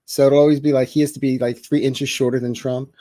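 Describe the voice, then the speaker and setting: A man hosts a loose, joking political chat. His talk rambles and stays animated. The sound is dry and close, with no room around it. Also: mid-range voice, fast, dry recording. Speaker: channel host.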